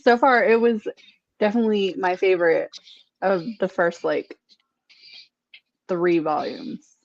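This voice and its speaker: A woman on a video call joining a book club chat, talking in a relaxed way and laughing easily. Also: fairly low pitch, unhurried, vocal fry, muffled recording. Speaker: guest panelist. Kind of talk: casual chat.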